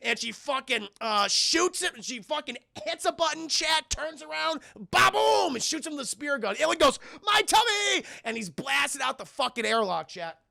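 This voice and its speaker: Animated, profane man with a gravelly voice. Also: very high-pitched, normal speed, hardly any pauses, no echo, studio quality. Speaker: streamer and film reviewer. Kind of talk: profane film recap for stream chat.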